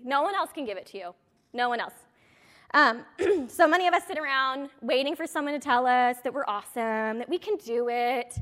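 High, lively woman giving a pep talk. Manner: chatty, rambling, self-deprecating asides. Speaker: direct sales business coach. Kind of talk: motivational talk to an audience.

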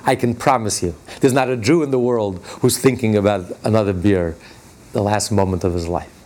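A man teaching a religious lesson and telling stories, stressing key words with sudden jumps in pitch. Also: measured pace, a little mellow. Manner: retells stories by acting out their dialogue. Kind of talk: Torah class storytelling.

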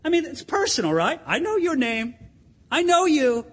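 A man's voice: very high-pitched, very animated, moderate pace, a bit bright. A pastor preaching a sermon in an earnest, emphatic way, addressing his listeners as friends in a church sanctuary. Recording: long hall reverb.

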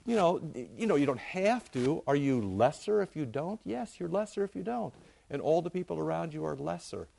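A man giving an informal, conversational sermon to his congregation, jumping up high in pitch to make a point. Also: brisk, vocal fry, slight background noise. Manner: conversational, animated, rises high for emphasis. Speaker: pastor.

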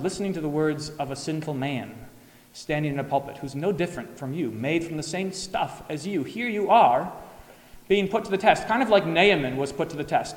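Earnest male pastor in echoey church. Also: on the high side. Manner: earnest, rhetorical questions, acts out imagined replies. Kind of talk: sermon. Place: church sanctuary.

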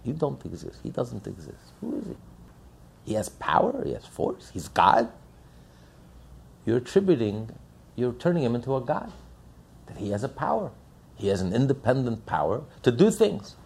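A man's voice: mid-range voice, sing-song, normal speed, long pauses, darkish tone. A man giving a sermon as a rabbi, emphatic and repetitive, firing rhetorical questions. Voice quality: gravelly, husky.

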